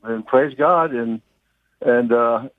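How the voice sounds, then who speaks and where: An older man, calling in to a radio show, cheerful and earnest with halting speech. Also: medium pitch, no room sound. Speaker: caller. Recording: tinny phone line.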